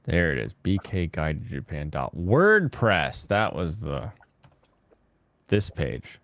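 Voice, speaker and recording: A man hosting a casual chat while he plays a game, talking in a rambling, halting way with many fillers. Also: sits low, sing-song, fairly bright tone, no room sound. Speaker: host.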